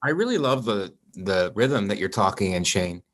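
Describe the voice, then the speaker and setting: A man hosting a podcast in casual chat, asking dry, teasing questions with a deadpan delivery. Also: on the low side, normal speed. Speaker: podcast host.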